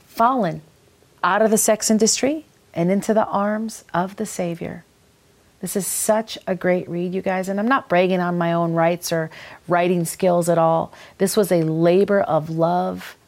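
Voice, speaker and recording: A woman with a Minnesota accent hosts a faith-based ministry talk show, speaking earnestly, enthusiastically and in a preacherly manner. Her voice is lowish with a darkish tone.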